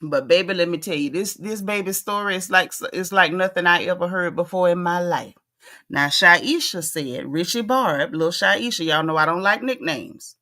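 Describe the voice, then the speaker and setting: A woman's voice: mid-range voice, a bit bright. Folksy woman vlogger. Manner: folksy, drawling, playful asides to viewers. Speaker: commentary vlogger reacting to a clip. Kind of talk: casual chat.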